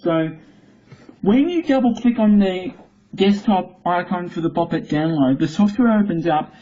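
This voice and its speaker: Reviewer walking through software. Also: mid-range voice, animated. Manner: explanatory, halting restarts. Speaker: product reviewer. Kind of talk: casual demonstration. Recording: dull home recording, faint hiss.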